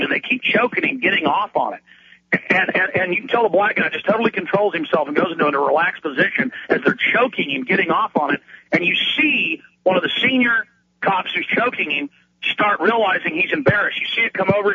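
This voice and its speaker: High-voiced husky man ranting on radio. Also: pushed and bright. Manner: heated, ranting, repeats words when worked up. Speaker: radio talk show host. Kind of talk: impassioned radio monologue. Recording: dull lo-fi radio recording.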